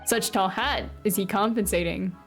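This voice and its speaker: A woman's voice: medium pitch, normal speed, soft background music. A woman streamer in casual let's-play commentary, chatty and self-deprecating, laughing often.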